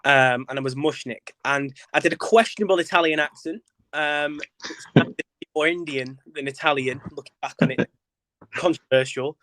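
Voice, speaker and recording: A man's voice: a little high, moderate pace, fairly bright tone, no echo. A young man from Lancashire, chatting as a podcast guest about his path into theatre, playful with camp asides and lots of fillers. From Lancashire, England. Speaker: guest, actor and theatre director. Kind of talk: casual podcast chat.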